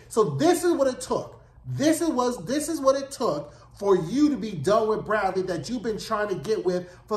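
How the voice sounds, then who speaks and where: A man's voice: sits high, echoey room. A man giving a casual, profane and opinionated recap of a TV episode. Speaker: show reviewer.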